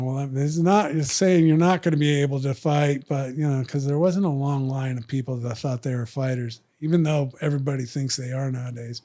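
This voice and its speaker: An older man telling a long, rambling story as a podcast guest, jumping into the voices of the people in it and trailing off quietly at the ends of asides. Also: medium pitch, fairly even intonation, normal speed, few pauses. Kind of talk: casual storytelling.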